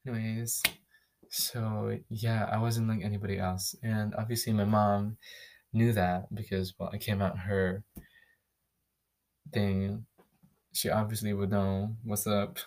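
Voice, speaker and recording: A young man from the Philippines hosting a podcast, telling his own story in a casual, candid, profane way with quick restarts. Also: lowish voice, flat delivery, darkish tone. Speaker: podcast host.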